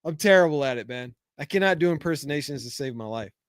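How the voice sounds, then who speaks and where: Reading viewer comments aloud, a middle-aged man gives blunt, meandering takes peppered with fillers on his casual live-chat podcast. His slightly high voice is expressive, clear and resonant, and he speaks quickly. It's a dry, clean studio recording.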